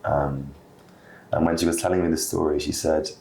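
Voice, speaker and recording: Very deep gravelly man in echoey room. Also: moderate pace. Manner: relaxed, with fillers and soft laughs. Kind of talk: casual storytelling. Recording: roomy room with faint background noise.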